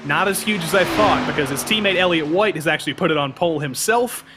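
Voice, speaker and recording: A man doing live play-by-play commentary for an online racing league, joking and brisk. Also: on the high side, noisy background.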